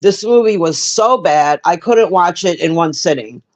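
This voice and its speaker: A woman's voice: on the low side, expressive, normal speed. A woman giving a casual, rambling movie review on a livestream, blunt and profane, chatting with viewers in between. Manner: chats with live viewers.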